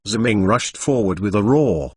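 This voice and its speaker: Man, novel narration, stilted delivery, animated pitch, dry sound. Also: moderate pace, breathy edge, no echo. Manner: reads punctuation aloud, stilted phrasing.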